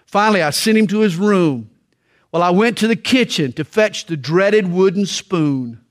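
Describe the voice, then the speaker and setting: A middle-aged man preaching a sermon on parenting, telling stories with dramatic pauses and slow, weighty emphasis. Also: high voice, animated. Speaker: pastor.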